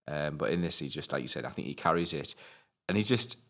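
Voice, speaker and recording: Low-voiced young British bloke, casual and excitable co-host, drops swear words. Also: male voice, fast. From Britain. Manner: sweary, enthusiastic, laughs often. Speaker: film review podcast co-host. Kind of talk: casual chat.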